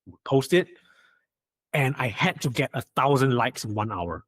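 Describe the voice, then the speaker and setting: A young man talks in a relaxed podcast chat, his delivery animated and full of acted-out quotes and stuttered restarts. His voice sits at an ordinary pitch, close to the mic with a dry, dead sound. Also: normal speed, no echo. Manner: animated storyteller, acts out quotes, frequent stammered restarts. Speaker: podcast guest, magician. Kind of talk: casual chat.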